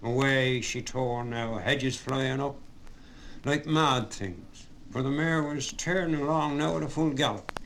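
A man reading a story aloud as narrator, with steady storytelling. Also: mid-range voice, unhurried, a little hiss or hum. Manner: steady storytelling, voices the characters. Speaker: audiobook narrator. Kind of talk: scripted narration.

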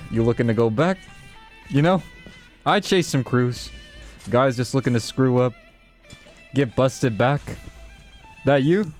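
A man's voice: mid-range voice, a little slow, long pauses, darkish tone, soft background music, close to an everyday voice. A man reading as a needling cop. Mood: probing. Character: tough male police detective, probing. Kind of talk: amateur script read.

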